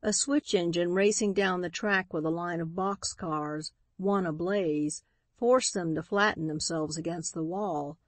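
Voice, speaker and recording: A woman narrating an audiobook in a steady, even storytelling read. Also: fairly low pitch, unhurried, dry recording. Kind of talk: scripted narration.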